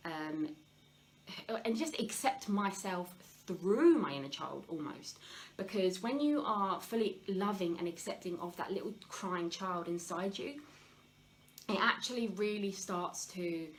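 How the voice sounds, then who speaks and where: A woman's voice: mid-range voice, a little hiss or hum, low-quality recording. A woman hosting a live health talk, talking openly and confessionally about her past, with many fillers and restarts. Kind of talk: live Q&A, personal sharing.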